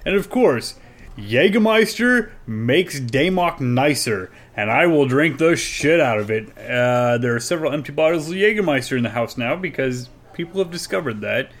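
A man's voice: mid-range voice, animated, normal speed. Brash man in casual podcast chat. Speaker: podcast co-host.

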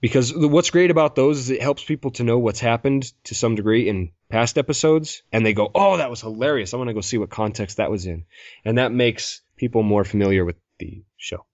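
A man's voice: medium pitch, a little fast, no room sound. A man hosting a casual podcast, rambling and laughing as he reads listener mail. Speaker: podcast host. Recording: dull lo-fi podcast mic.

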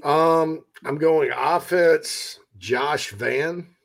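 A man hosting a casual sports talk show, reading viewer comments in a relaxed, rambling way. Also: a little high, extremely slow.

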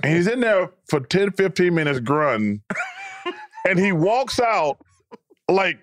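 Animated male co-host telling stories, dry studio sound. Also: high-pitched, a little slow, pauses often, no room sound. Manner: animated, laughing storyteller. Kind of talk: casual chat, storytelling.

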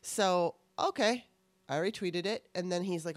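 A woman's voice: on the low side, a little slow, no room sound. A middle-aged woman co-hosting a casual chat show, candid and rambling, swearing freely. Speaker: podcast co-host.

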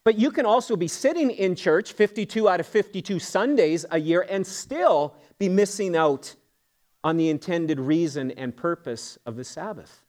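A middle-aged pastor delivering a sermon in a church sanctuary. His voice sits high for a man, and he preaches earnestly and emphatically, mixing in homely jokes and friendly asides. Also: lively intonation, normal speed, darkish tone.

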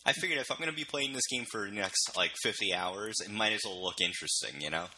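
A man's voice: fairly low pitch, quick pace, bright, forceful tone, slight background noise, low-quality recording. A young man in a casual chat with friends, easygoing, describing things at length with plenty of fillers.

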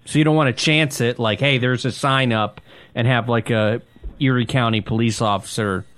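A man's voice: medium pitch, moderate pace, a bit bright. A man, co-hosting a casual sports podcast and teasing his friend bluntly and in disbelief. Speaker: podcast co-host.

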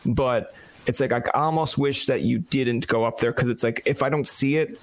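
A man's voice: medium pitch, normal speed. A young man from Newfoundland hosting a podcast, telling stories in a chatty way and acting out the other voices in them. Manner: chatty storytelling, acts out quoted exchanges. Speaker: podcast host. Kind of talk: casual interview chat.

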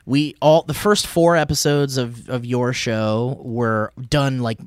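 Chatty upbeat podcast host, dry sound. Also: male voice, medium pitch, fairly even intonation, slow, clear, resonant tone, dry recording. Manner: rambling, upbeat, laughs often. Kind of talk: casual podcast chat.

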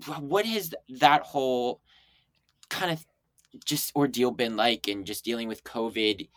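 An interview host chats casually, asking long, rambling questions and reacting with open enthusiasm. The voice sits in a middle pitch, recorded close and dry with no room sound. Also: a little slow, no room sound.

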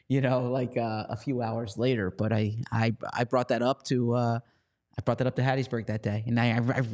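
A man's voice: mid-range voice, darkish tone. A man co-hosting a casual sports talk show, chatty and rambling, often restarting his sentences. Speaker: co-host and team reporter.

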